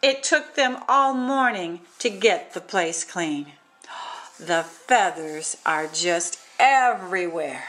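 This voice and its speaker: Animated woman reading a storybook. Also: mid-range voice. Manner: sing-song, animated, exclaiming asides. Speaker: storybook reader. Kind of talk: reading a rhyming picture book aloud, with asides.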